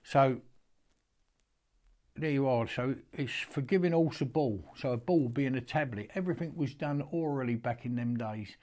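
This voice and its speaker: Older bloke rambling through an old story, homely, heartfelt, stops and starts. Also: male voice, medium pitch, normal speed, darkish tone. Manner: rambling, homely, stops and restarts a lot, speaks with feeling. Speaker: horseman showing an antique. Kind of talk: casual storytelling to camera.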